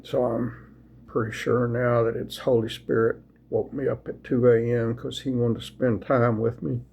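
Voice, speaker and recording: A man, sleepy and folksy, chatting casually and reading scripture aloud in a slow, rambling way. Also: mid-range voice, flat delivery, vocal fry, darkish tone, a little hiss or hum. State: sleepy, yawning. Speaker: video host sharing scripture. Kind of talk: casual devotional talk and Bible reading.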